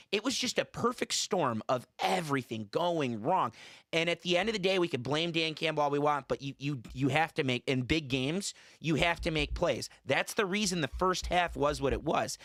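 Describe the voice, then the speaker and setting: A man's voice: a little high, a bit bright, no room sound, clean studio sound. A man co-hosting a sports podcast in casual debate, arguing his case point by point. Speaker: podcast co-host.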